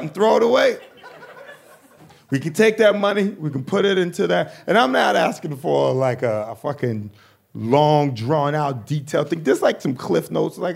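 A male stand-up comedian doing a profane, animated routine, acting out quoted voices with shouts. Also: on the high side, moderate pace, vocal fry.

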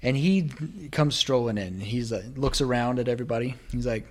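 A man narrating a tabletop role-playing game as game master, in a casual, halting way with restarts. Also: medium pitch.

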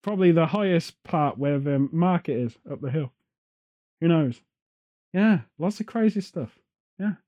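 A man's voice: fairly high pitch, lively intonation, unhurried, pauses often, highs cut off. A man hosting a podcast in casual chat, rambling from joke to joke and off on tangents. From England. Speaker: podcast host. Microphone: headphones on, studio mic.

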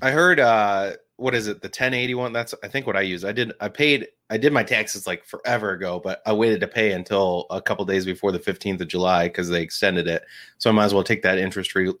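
Low-voiced and a little bright, this male podcast co-host talks in a relaxed, rambling way. His speech is packed with fillers.

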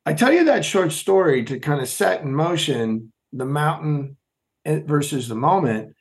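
A middle-aged former Navy SEAL, appearing as a podcast guest, tells a story in an interview at a measured pace. His voice is somewhat high-pitched, and he is emphatic and animated, repeatedly throwing rhetorical questions at his listener.

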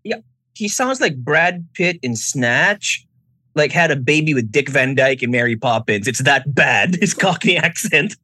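Guy co-hosting a film chat, bouncy lively pitch, dry close sound, trips over his words then gets going. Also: unhurried, dry recording. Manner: animated, stammers into points, laughs often. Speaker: podcast co-host. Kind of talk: casual movie review chat.

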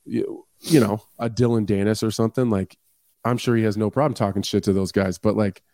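A podcast co-host man who speaks bluntly and swears freely in loose, rambling chat. His voice sits low and mellow. The sound is dry and close, with no room around it. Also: fairly even intonation, brisk, no room sound. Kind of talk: casual chat.

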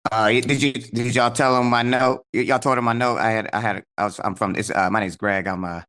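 A man's voice: medium pitch, steady tone, a little fast, sharp tone, close to an everyday voice. A man playing an awkward concertgoer who stumbles over his words while offering the band his notes. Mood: sheepish. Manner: hesitant, stumbling, folksy.

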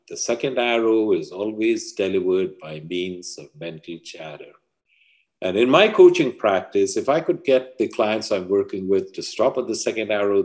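A man, a personal mastery coach, explaining ideas through parables as an interview guest, measured and deliberate. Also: lowish voice, darkish tone. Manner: measured storyteller.

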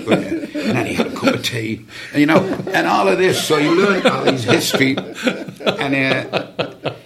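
A man's voice: mid-range voice, creaky. An older man telling long, rambling family stories as a podcast guest, full of fillers and restarts. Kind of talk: anecdotal storytelling.

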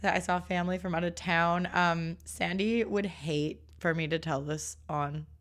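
A young woman co-hosting a podcast, chatting casually in a voice gone hoarse after a busy weekend. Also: on the low side, fairly even intonation, moderate pace. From Canada. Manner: chatty, laughs easily. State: hoarse from losing her voice. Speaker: podcast co-host. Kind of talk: casual chat.

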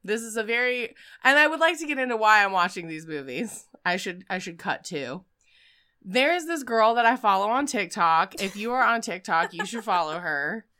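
With a mid-range voice that's very bright and exceptionally clear, this film-recap podcast host recounts a story during casual chat. She's animated, bursting into acted-out shouts, and speaks loosely, tossing in fillers and rapid asides.

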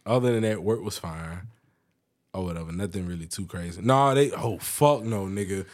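A young man casually telling work stories on a podcast, loose and profane. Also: moderate pace. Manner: laid-back storytelling, profane, lively pitch. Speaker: podcast co-host. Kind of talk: casual chat.

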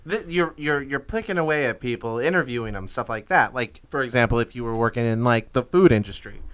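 A man's voice: mid-range voice, animated. A man co-hosting a podcast, chatting casually and riffing on playful jokes. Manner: joking, quick with playful riffs. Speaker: podcast co-host.

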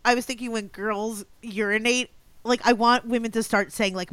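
A woman's voice: fairly high pitch, fairly even intonation, normal speed, a bit bright, clean tone, no room sound. Giggly playful woman, dry mic. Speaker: podcast co-host. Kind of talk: casual chat.

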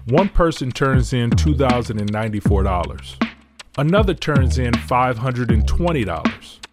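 A man narrating a podcast story in a measured, scripted way. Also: mid-range voice, animated. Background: guitar music.

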